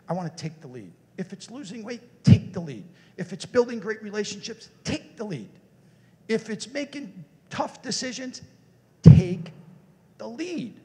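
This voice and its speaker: A man with a high, expressive voice gives a motivational keynote at a conference, swinging widely in pitch as he talks. He keeps turning to the audience with direct questions. His voice carries a long reverb from the hall. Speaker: motivational speaker.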